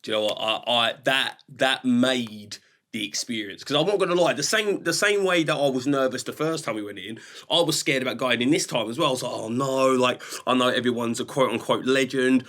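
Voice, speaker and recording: A man in his thirties chatting casually as a guest, telling lively stories, laughing often and acting out his own reactions. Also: mid-range voice, fairly quick. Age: 30s. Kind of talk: casual chat.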